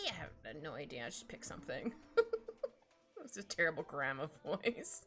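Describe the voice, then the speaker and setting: A woman's voice: low voice, very animated, normal speed, sharp tone. A young woman art streamer chatting casually and giggling while she draws. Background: faint background music.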